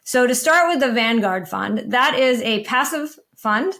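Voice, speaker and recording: Slightly high woman, matter-of-fact analyst. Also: lively intonation, unhurried, pushed and bright. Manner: frequent "um" and "uh" fillers, matter-of-fact. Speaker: guest judge analyzing funds. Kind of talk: casual panel discussion.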